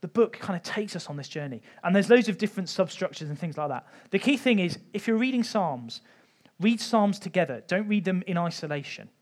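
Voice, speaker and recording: A man giving an informal Bible teaching talk, conversational with light humour and frequent pauses. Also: sits high, lively intonation. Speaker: church teacher.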